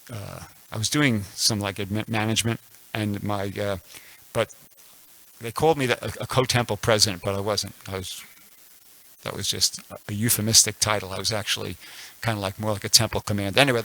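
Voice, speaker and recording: A man in his sixties speaks at a temple class, his voice bright and forceful, sitting a little low. He talks loosely, doubling back over his words and filling pauses as he tells a story. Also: low-quality recording. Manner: rambling, frequent restarts and fillers. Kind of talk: casual spoken scripture class with personal story.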